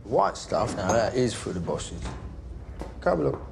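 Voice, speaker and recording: An actor playing a volatile, menacing gangster baker and distiller, with a gravelly, mocking voice that swings from loud to hushed. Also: male voice, on the low side, very animated, slow, noisy background, full character voice. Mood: scornful. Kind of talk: television crime drama.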